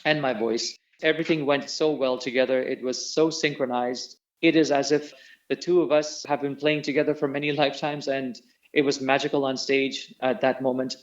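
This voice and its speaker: A man's voice: medium pitch, moderate pace, dull audio. A middle-aged man, a tabla player and singer, telling stories as an interview guest and acting out the voices he quotes. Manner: animated storyteller who acts out quoted voices. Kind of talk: storytelling in an interview.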